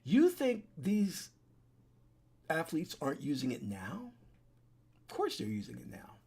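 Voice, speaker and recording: A man's voice: on the high side, huge pitch swings, a little slow, warm tone, husky. A man giving an urgent, preachy solo monologue to his desk webcam, repeating his points and restarting his sentences. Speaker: online commentator. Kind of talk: solo warning monologue to camera. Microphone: webcam setup at a desk.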